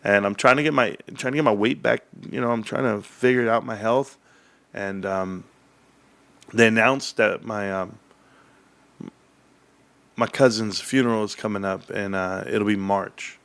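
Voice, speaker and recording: A man's voice: fairly low pitch, unhurried, creaky, long pauses. A man hosting a casual livestream, rambling and joking as he chats and reads the chat. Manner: rambling, animated, jokey. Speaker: livestream host.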